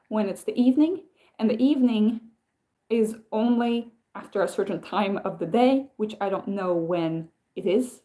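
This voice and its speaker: A woman's voice: medium pitch, moderate pace, dark tone. A woman from Sweden chatting on a livestream, rambling and musing with lots of "like" and "um". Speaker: livestream host. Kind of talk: casual livestream chat.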